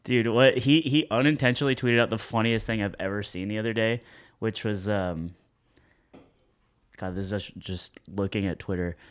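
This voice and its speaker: A man's voice: fairly low pitch, normal speed. A man co-hosting a casual live stream, joking and laughing often. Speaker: co-host.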